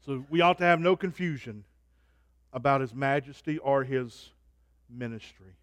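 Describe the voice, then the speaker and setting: Preaching man, smooth and dry. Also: normal speed, dry recording. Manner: swings from soft, low asides to loud, rising proclamations. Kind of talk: sermon.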